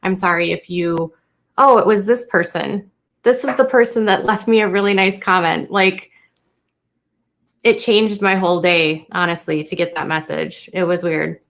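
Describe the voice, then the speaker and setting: Young woman streaming, kinda low voice, lots of ums and restarts, emotional. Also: steady tone, vocal fry, fairly bright tone. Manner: halting and emotional, many fillers and restarts. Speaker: YouTuber live-streaming to viewers. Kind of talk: unscripted live-stream talk to chat.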